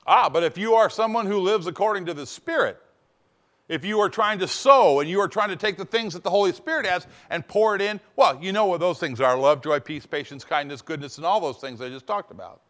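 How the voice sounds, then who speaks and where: Animated male preacher with a lively voice. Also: sits high. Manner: animated, playful asides, dramatic slowdowns on key phrases. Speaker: pastor. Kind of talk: sermon.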